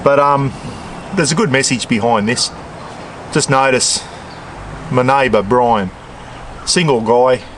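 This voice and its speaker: A man's voice: medium pitch, slow pace, pauses often, fairly bright tone, a little hiss or hum. A retired Australian man in his sixties, rambling casually and saying "bloody" often as he cooks on a camp stove outdoors. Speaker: cooking vlogger.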